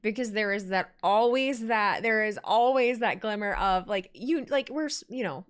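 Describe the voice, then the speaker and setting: A woman's voice: medium pitch, normal speed, clean tone. A woman live-streaming her reaction to a wrestling show, chatting casually, laughing often and reading viewer messages aloud.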